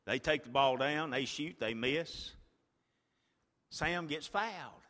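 A man preaching a sermon, retelling a story like a play-by-play and swinging from a hush to a shout. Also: on the high side, slow pace, big-room sound.

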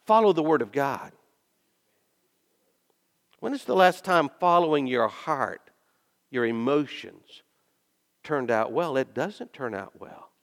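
A man's voice: mid-range voice, lively intonation, takes it slowly, long pauses. Man preaching in an echoing hall. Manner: storytelling preacher, swings from soft to loud emphatic bursts. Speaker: pastor. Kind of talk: sermon. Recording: long reverb of a large hall.

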